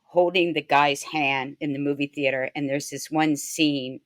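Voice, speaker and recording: A woman co-host with a very low voice, telling stories in a measured, reflective way. Her voice sounds dry and close to the mic. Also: fairly even intonation, dry recording. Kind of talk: casual chat.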